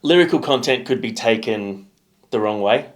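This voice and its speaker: Lively Australian man, jokey co-host. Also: mid-range voice, normal speed. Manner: jokey, excitable banter. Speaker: co-host of a music reaction show. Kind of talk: casual chat reacting to a music video.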